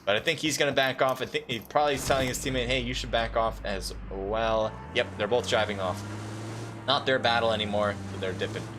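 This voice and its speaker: A man doing live esports commentary on a mobile battle royale match, calm and explanatory, with loud excited bursts at big plays. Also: medium pitch, a little fast, noisy background. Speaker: esports caster.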